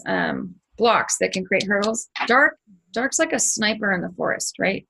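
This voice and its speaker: A woman's voice: mid-range voice, vocal fry, a bit bright, rough recording. A middle-aged woman hosting a spiritual channel, telling a story casually, swearing freely and acting it out with sound effects.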